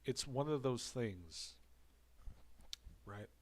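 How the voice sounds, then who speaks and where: A man's voice: mid-range voice, animated, very slow, darkish tone. A man giving casual, rambling commentary, repeating himself, a little out of breath after a drink. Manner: rambling and repetitive. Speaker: commentary streamer.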